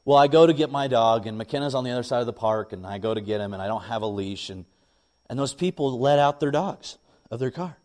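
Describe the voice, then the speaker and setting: Animated storytelling male pastor. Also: medium pitch, fairly quick. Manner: animated storytelling, rising when excited. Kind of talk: sermon with personal story.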